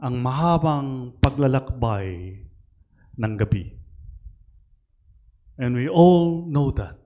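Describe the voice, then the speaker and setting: Priest preaching a slow sermon. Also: male voice, medium pitch. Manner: switches between Tagalog and English, lively rising emphasis. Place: church.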